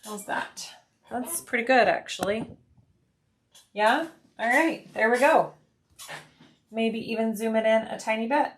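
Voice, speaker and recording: A woman's voice: a little high, a little slow, pauses often, slight background noise. A middle-aged woman hosting a casual livestream as she sews, chatting, explaining each step and reading out viewer comments. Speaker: live stream host. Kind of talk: casual livestream chat while sewing.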